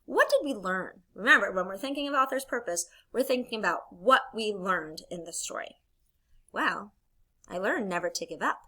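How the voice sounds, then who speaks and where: A woman teacher talks students through a recorded lesson, patient and encouraging, explaining step by step. Her fairly high voice is bright and lively.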